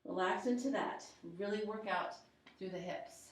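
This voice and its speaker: A woman leading a yoga class, encouraging her students with steady step-by-step cues and countdowns. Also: medium pitch, moderate pace. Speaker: yoga instructor. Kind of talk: guided workout instruction. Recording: very echoey room, voice from far off.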